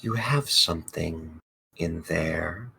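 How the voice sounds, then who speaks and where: A man playing a tabletop role-playing game, speaking in character in a calm, measured, polite way. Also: low voice, gravelly, husky. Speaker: player.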